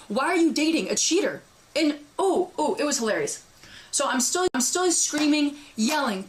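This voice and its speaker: High-voiced woman streamer telling a wild story. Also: animated, measured pace, pauses often. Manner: loud, profane, reenacts screaming. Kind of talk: animated storytelling to chat.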